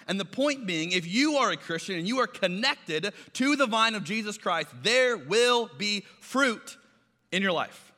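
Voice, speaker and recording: A man's voice: high-pitched, expressive, normal speed, pushed and bright, big-room sound. A man preaching a sermon, telling stories in a conversational way and acting out the voices of the people in them. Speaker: pastor.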